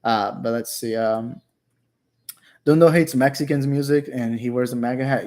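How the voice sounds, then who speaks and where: A man's voice: medium pitch, brisk, a little mellow. Joking, rambling young male streamer. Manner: reads out chat messages. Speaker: livestream host. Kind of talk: casual livestream chat.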